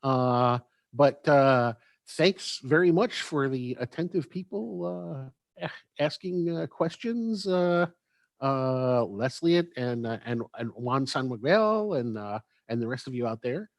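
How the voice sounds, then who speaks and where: Man, moderator, dry close sound, halting, long fillers, video call. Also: mid-range voice, lively intonation, no room sound. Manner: halting, drawn-out fillers, joking asides. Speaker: panel moderator. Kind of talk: convention panel discussion.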